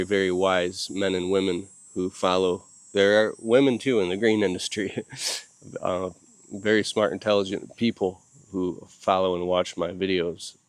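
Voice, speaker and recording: A man hosting his video channel, talking casually to the camera. He is grieving and short on sleep, and he speaks in a halting way, with long pauses and repeated words. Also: low voice, smooth, no room sound. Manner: grieving and heartfelt. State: sleep-deprived.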